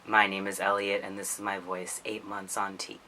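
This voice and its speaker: A man's voice: low-pitched, level tone, moderate pace, sharp tone, a little hiss or hum, poor audio. A man talking casually to camera in a vlog. He is chatty, fills his talk with "like" and laughs often. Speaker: vlogger.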